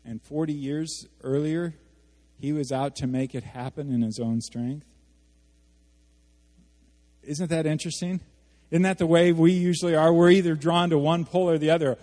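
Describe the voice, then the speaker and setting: Animated preaching man in a hall. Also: a little high, moderate pace. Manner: animated, asks the audience questions, acts out quotes. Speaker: pastor. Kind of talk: sermon. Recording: hall reverb.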